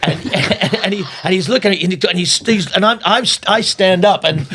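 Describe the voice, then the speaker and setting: A middle-aged comedian telling a story in a shouty, excitable way, tripping over his words. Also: high-pitched, brisk, noisy background. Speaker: guest comedian. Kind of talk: animated storytelling.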